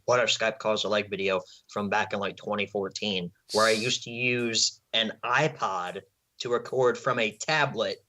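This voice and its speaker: A man's voice: lowish voice, fairly even intonation, moderate pace, pushed and bright, a little hiss or hum. A man co-hosting a casual podcast chat, laid-back and prone to stumbling restarts. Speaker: podcast co-host.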